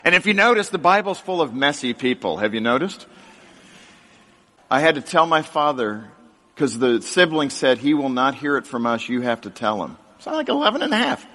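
A middle-aged man telling his life story to a live audience in a lively, joking storytelling style. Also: moderate pace. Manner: animated, jokey storytelling with big pitch swings. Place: large hall with an audience. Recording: long hall reverb.

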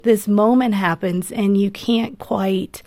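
A woman in a radio interview telling her story with earnest emotion, her voice carrying a touch of vocal fry. The sound is dry and close. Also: mid-range voice, steady tone, slow, a little mellow, no echo. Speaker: guest, mother. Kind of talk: personal testimony in an interview.

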